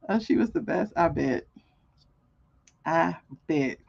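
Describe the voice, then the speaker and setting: A woman hosts a live card-reading stream, talking straight to her viewers and laughing often. Her husky, slightly gravelly voice swings widely in pitch. The audio sounds a little dull and lo-fi. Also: lively intonation, slow pace, long pauses, darkish tone. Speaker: tarot reader and stream host.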